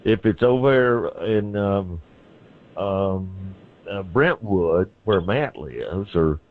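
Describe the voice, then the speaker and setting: A man with a Southern accent explains legal questions in plain, folksy terms as a call-in radio guest. His voice sits very low. It comes through a thin, tinny phone line. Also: lively intonation, drawn-out words. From Tennessee. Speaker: constitutional lawyer, call-in guest.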